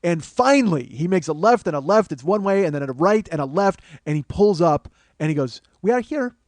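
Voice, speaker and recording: A man's voice: on the high side, animated, a little fast, darkish tone, dry recording. A man hosting a comedy podcast, telling a rambling, profane, self-mocking personal story.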